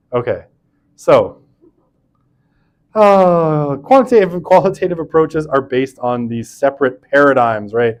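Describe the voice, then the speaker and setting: A man giving a recorded university lecture in a casual, chatty way. He keeps checking in with "right?" and breaks off for asides and restarts. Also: medium pitch. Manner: self-interrupting, with asides and restarts.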